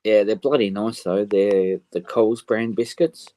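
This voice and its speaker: A man's voice: on the low side, fairly even intonation, measured pace, mellow, slight background noise. A man with an Australian accent, a father chatting and joking casually with friends. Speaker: parent, stream guest. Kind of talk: casual chat.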